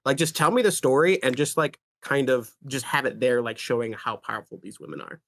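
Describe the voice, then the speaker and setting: A man's voice: mid-range voice, lively intonation, fairly quick, creaky, fairly bright tone. Blunt, foul-mouthed podcast co-host man. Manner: blunt, profane, laughing. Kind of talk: casual chat.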